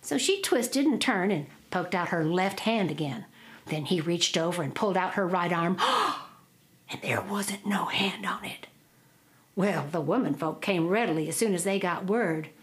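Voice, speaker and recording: A woman, telling an old folk tale in a drawling, expressive oral style. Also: lowish voice, normal speed. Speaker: storyteller.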